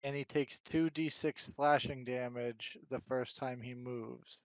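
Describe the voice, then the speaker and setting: A man's voice: medium pitch, steady tone, measured pace, dry recording. A man playing a tabletop game, working out his dice math aloud. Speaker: player. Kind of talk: casual tabletop game play. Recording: slightly muffled lo-fi audio.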